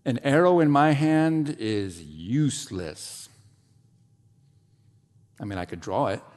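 A male pastor delivering a sermon with deliberate, dramatic pacing. He lets phrases hang and then sinks to a low, hushed tone. His voice rings out with a long reverb, as in a church sanctuary. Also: lively intonation. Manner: dramatic preaching with long pauses and sudden drops to a low quiet voice.

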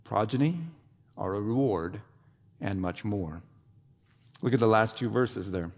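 A male pastor delivering a sermon with deliberate, dramatic pacing. He lets phrases hang and then sinks to a low, hushed tone. His voice rings out with a long reverb, as in a church sanctuary. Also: lively intonation. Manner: dramatic preaching with long pauses and sudden drops to a low quiet voice.

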